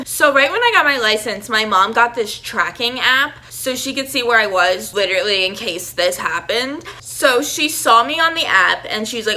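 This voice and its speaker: A young woman telling a storytime vlog in a chatty, animated way, full of "like" fillers. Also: on the high side, moderate pace, hardly any pauses. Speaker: vlogger.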